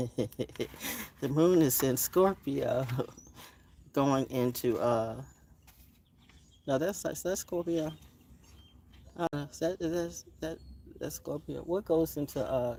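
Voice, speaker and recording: On a morning nature walk in her front yard, a woman vlogs on a handheld phone, playfully musing about birds and astrology in a casual, rambling way. Her voice is extremely low and a little mellow, with slight background noise.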